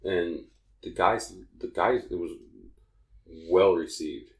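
A man's voice: deep voice, takes it slowly, a little mellow, roomy sound. A man co-hosting a podcast, telling a long personal story in a rambling way and often restarting his sentences. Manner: rambling, self-correcting storyteller. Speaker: podcast co-host. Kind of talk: casual podcast chat.

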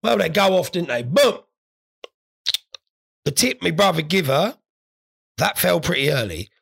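A stoned man hosts his podcast in a loose, rambling monologue, swearing freely as he tells his stories. His voice sits a little high, with a gravelly, husky rasp. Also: animated, moderate pace, a bit bright. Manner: crude, sweary, rambling storyteller. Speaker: podcast host. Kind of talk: casual comedic monologue.

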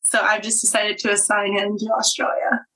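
A woman's voice: medium pitch, completely flat delivery, brisk, pushed and bright, low-quality recording. A young woman co-hosting a podcast, chatting casually about a reality show, giggly and saying "like" often. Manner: chatty, giggly, uses "like" a lot. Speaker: podcast co-host.

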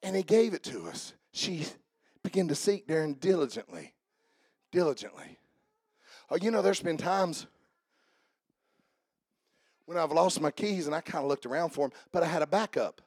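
A man's voice: a little high, lively intonation, moderate pace, pauses often, darkish tone, husky, dry recording, clean studio sound. A man preaching a sermon as a pastor, emphatic and rousing.

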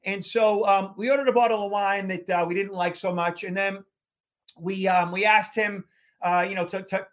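A man co-hosting a podcast, telling a story in a rambling, casual way and often repeating words as he goes. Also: sits high. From Boston area. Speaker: podcast co-host.

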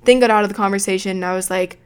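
Racing through her words in a medium-pitched, steady, clean-sounding voice, a young adult woman hosts a podcast from home. Her casual storytelling is rambling, profane, and self-mocking.

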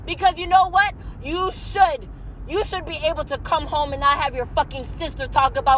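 A woman venting angrily in a vlog from a car, swearing a lot and rambling, breaking into shouts. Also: high voice, fairly quick, a little hiss or hum, rough recording. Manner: profane, shouting in bursts, rambling.

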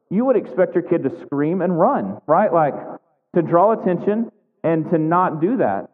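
A man's voice: a little high, expressive, moderate pace. A man preaching a sermon in a conversational way, often tagging on "right?" as he goes. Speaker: pastor. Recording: tinny phone-like sound with long hall reverb.

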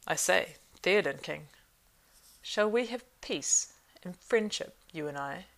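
A woman's voice: on the low side, animated, slow, gravelly, exaggerated voice. A woman voicing a proud, silver-tongued old male wizard in an audiobook reading, lofty and coaxing in manner. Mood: persuasive. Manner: coaxing and lofty, turning hissing and scornful.

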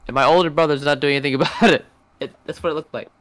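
A man's voice: a little high, fairly even intonation, racing, fairly bright tone, dry recording. A young man co-hosting a casual podcast, hesitant, often trailing off and restarting his sentences. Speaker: podcast co-host. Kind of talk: casual chat.

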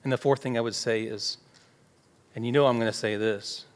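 In a church sanctuary, a pastor with a mid-range voice and steady tone preaches a little fast, keeping the sermon conversational by acting out everyday dialogue in quoted voices. A long hall reverb carries faint music behind him.

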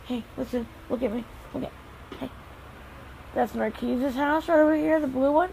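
A woman's voice: sits high, fairly even intonation, normal speed, creaky, a little mellow, slight background noise, poor audio. A woman vlogging outdoors as a mother, chatty and soothingly reassuring. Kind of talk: casual vlog. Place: outdoors on a path.

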